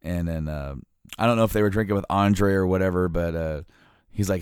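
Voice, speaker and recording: A man in a casual chat who tells long stories in a halting, rambling way with many fillers. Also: deep voice, darkish tone, clean tone, dry recording, clean studio sound.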